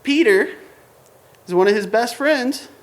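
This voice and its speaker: A young adult preacher delivering a relaxed, informal sermon. The delivery is full of slang and joking asides, and the pitch sits in a middle range. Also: measured pace. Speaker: church preacher. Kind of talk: casual sermon.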